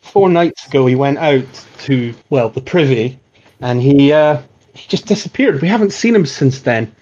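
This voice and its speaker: A man's voice: expressive, moderate pace, darkish tone, dull audio, natural voice. A man voicing a grieving, grey-haired poor mother, apologetic and timid, in a raised voice. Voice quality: high put-on voice.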